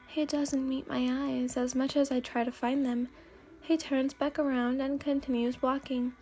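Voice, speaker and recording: A woman narrating a whispered role-play story in the first person, softly and unhurriedly. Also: sits high, flat delivery, moderate pace, faint music behind.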